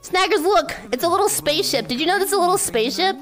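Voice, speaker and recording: A young woman streaming live, chatting casually with her viewers and often breaking into shrieking shouts and laughter. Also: extremely high pitch, lively intonation, racing, faint music behind. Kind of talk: casual livestream chat.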